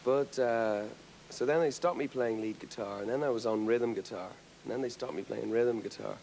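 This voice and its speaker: An Irish man speaks at an ordinary middle pitch as the guest on a studio talk show. He wanders through his thoughts and keeps restarting his sentences. A faint hiss sits under the voice. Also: normal speed, gravelly, darkish tone, rough recording. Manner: thoughtful, rambling, with frequent restarts. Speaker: rock singer interviewed as a guest. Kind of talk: casual TV studio interview. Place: TV studio with an audience.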